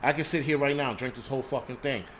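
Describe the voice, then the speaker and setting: A man's voice: medium pitch, fast talker, a little hiss or hum. A man from New York City hosting a prepping live stream, ranting angrily and bluntly with lots of swearing, restarts and stammers. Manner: angry, profane and blunt, with many restarts and stammers.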